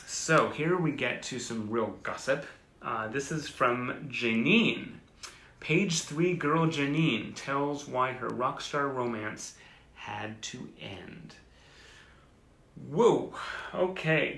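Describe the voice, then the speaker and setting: Chatty man with a gravelly, bright voice. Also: medium pitch, reverberant. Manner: chatty, wry, self-mocking asides. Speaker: host. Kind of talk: casual livestream chat reading old clippings. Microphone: phone or webcam on a live stream.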